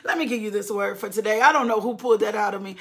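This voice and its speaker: A woman's voice: medium pitch, quick pace, fairly bright tone, slightly rough. A woman preacher delivering a fervent sermon in a repetitive, rhythmic preaching cadence, calling on her listeners to respond.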